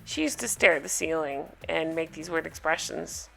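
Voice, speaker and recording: A woman hosting her own recap show, talking casually through the episode in a sarcastic, gossipy, animated way. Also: deep voice, moderate pace, gravelly, faint music behind. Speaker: podcast host recapping reality TV.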